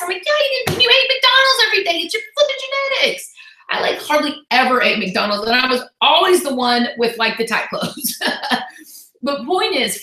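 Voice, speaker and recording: A woman coach talking on a casual motivational live call, heartfelt and chatty with quick asides. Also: medium pitch, pushed and bright, echoey room, rough recording. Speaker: fitness business coach.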